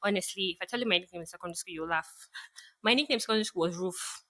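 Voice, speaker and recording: A woman's voice: mid-range voice, very fast. A woman guest on a podcast, telling playful stories in casual chat. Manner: playful, animated storyteller. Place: shared room, all recorded together.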